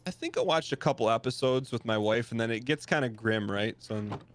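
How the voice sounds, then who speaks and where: A man's voice: medium pitch, fairly quick. A man from Michigan chatting casually and asking lots of questions. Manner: curious, asks many questions. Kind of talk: casual chat.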